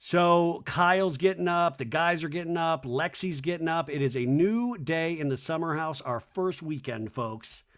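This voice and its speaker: A man hosting a podcast, casually recapping a reality show in a joking tone, often dropping into low mocking voices to quote people. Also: lively intonation, moderate pace, hardly any pauses. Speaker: podcast host.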